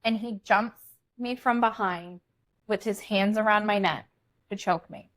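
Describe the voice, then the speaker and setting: A young woman with an average-pitched voice tells a story in a relaxed podcast chat. She is blunt and lively and swears without hesitation. She keeps the story rolling between quick asides. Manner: animated, blunt, swears freely. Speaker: podcast co-host.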